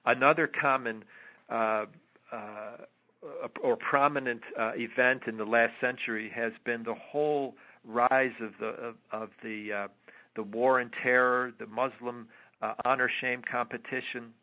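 A male guest author explains his ideas at length in an interview. His voice sits at an ordinary pitch, and he stumbles through fillers and restarts as he thinks. The audio is dull and lo-fi. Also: fairly even intonation, a little slow. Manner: hesitant, many fillers and restarts.

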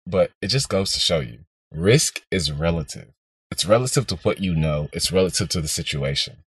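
A man in his twenties from Houston, Texas, hosting a podcast and telling a story in an energetic, motivational monologue aimed straight at listeners. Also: deep voice, moderate pace, husky, no echo. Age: 20s. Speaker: podcast host, real estate investor.

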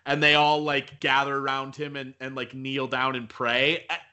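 A man co-hosting a casual chat, animated and jokey, poking fun at himself. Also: medium pitch, normal speed, smooth. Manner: animated, jokey, self-deprecating. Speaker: co-host.

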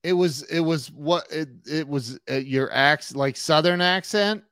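A man hosting an interview, asking halting questions and giving short encouraging reactions. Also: fairly high pitch, fairly bright tone, no echo. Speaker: podcast host. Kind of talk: interview, casual chat.

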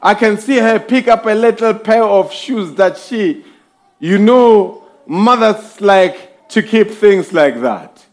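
A man delivers a sermon in a high voice, taking his time over every phrase. He builds his points in emphatic swells and speaks directly to the congregation. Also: expressive. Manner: slow, emphatic preaching with rising and falling swells. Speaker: preacher.

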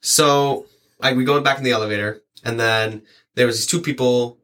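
A man's voice: mid-range voice, normal speed. A man, a delivery driver, casually telling rambling stories and acting out what people said. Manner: rambling, animated, acts out quoted lines. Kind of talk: casual storytelling chat.

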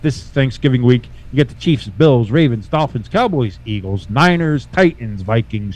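A man hosting a casual sports podcast, talking loosely and profanely with bursts of animated emphasis. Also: medium pitch, moderate pace, hardly any pauses. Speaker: podcast host.

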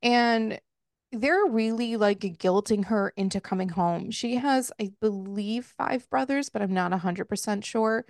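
A woman's voice: mid-range voice, unhurried, a little mellow, no echo, studio quality. A woman co-hosting a podcast, casually recapping a book in a chatty way, swearing freely and laughing as she goes. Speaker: podcast co-host. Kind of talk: casual book review chat.

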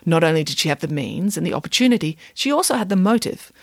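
A woman voicing a calm, precise schoolgirl who lays out her deductions. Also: lowish voice, fast, no room sound, studio quality. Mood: coolly logical. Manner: calm, clipped, reasoning. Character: cool, precise schoolgirl detective.

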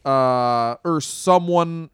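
A man's voice: a little high, extremely slow, clean tone, no room sound, clean studio sound. A man co-hosting a comedy podcast, telling stories in a loose, profane way. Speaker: podcast co-host. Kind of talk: casual comedic chat.

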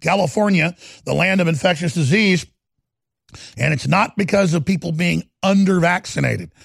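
A man hosting a talk radio show, delivering a heated, ranting monologue that swings between loud and quiet. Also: high voice, moderate pace, gravelly, husky, no echo, clean studio sound.

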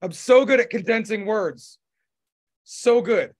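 This podcast host is a man with a high, unhurried voice. His casual chat wanders, packed with fillers and false starts.

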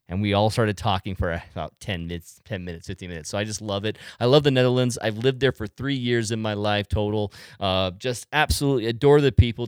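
A man hosts a relaxed interview and tells his stories with bursts of animation, laughing often. His voice is smooth and clear, recorded dry and close. He sounds middle-pitched and easygoing. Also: no echo. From United States. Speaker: podcast host. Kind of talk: casual interview chat.

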